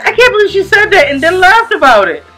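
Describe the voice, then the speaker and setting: Woman, reaction host, animated, profane asides, very lively pitch, bright tone. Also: fast talker, soft background music, rough recording. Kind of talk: casual reaction commentary.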